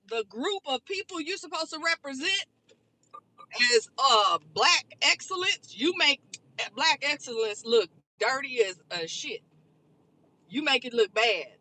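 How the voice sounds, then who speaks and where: High, bright-voiced woman ranting bluntly. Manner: blunt, profane and confrontational. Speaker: online commentary creator. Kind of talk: angry rant vlog.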